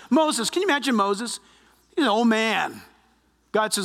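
A male pastor delivering an animated sermon, his voice very high-pitched and bright. He slips into quoted voices to act out the people he describes. The sound carries a long reverb from a church hall. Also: normal speed.

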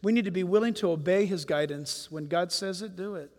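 A man preaching a sermon as pastor in a church, animated and firing rhetorical questions at his congregation. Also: high-pitched, brisk. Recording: long hall reverb.

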